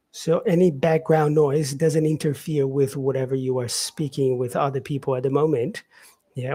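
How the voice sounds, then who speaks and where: A man teaching English vocabulary on a live stream, explaining slowly and filling pauses with "yeah" and "um". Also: on the high side, mellow. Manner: explains slowly, with many fillers and repeated "yeah". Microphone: facing camera, streaming live.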